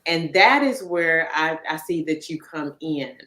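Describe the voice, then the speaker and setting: A woman hosts a podcast, chatting through a casual interview and often tossing in tag questions like "right?". Her voice is deep, animated and sharp in tone, her pace unhurried, and the recording has a roomy echo.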